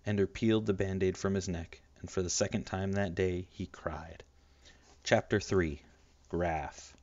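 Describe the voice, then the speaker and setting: A man narrating an audiobook in a steady, measured reading. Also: low voice, no echo, muffled recording.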